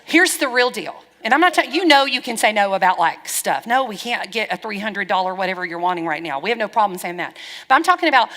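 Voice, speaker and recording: Bright-voiced woman pastor preaching. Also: medium pitch, fast talker. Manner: lively, frank, wry storytelling with quoted dialogue. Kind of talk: sermon. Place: church hall. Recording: long church-hall reverb.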